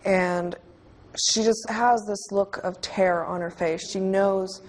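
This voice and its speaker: A woman in her twenties recalling a childhood memory in an interview, in a halting, vivid way. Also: mid-range voice, steady tone, low-quality recording. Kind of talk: emotional personal recollection. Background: music underscore.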